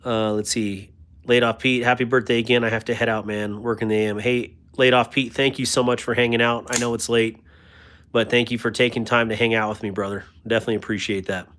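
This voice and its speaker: Talking fast at a medium pitch with little pitch movement, a man hosts a casual livestream on knives. He reads viewer comments and jokes about himself in a chatty, self-deprecating manner, with warm thanks to his viewers.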